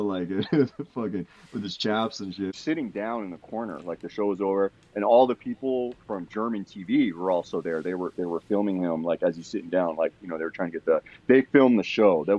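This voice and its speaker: A podcast guest with a fairly low voice tells a long story briskly, with few pauses, in a casual, rambling way. He swears freely and is full of fillers and restarts, and the recording sounds dull and lo-fi.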